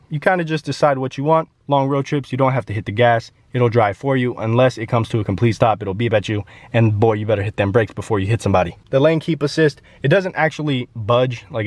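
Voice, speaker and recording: Walking around and sitting in his pickup, a young man reviews it for the camera in a chatty, joking style full of lively rises and falls. His voice is medium-pitched and the recording is dry.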